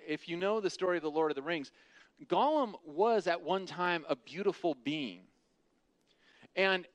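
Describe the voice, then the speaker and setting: A man delivers an earnest sermon in a relaxed, talky way, often doubling back and repeating words as he finds his point. His voice sits a little high for a man. The sound is dry and close. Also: no room sound. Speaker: preacher. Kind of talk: conversational sermon.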